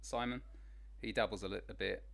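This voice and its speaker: A man's voice: lowish voice, steady tone, brisk, creaky, a bit bright. A man appearing as a podcast guest, dry and understated. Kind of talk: casual chat.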